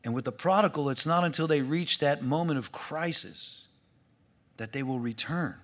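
Male pastor, high bright voice, lively sermon delivery with acted-out quotes. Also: normal speed. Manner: animated, acts out quoted voices, swings from loud to hushed.

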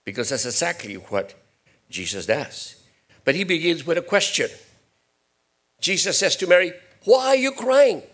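A man preaching a sermon, moving between quiet, low asides and loud, high-pitched rhetorical questions. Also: lively intonation, normal speed, pauses often. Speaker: pastor.

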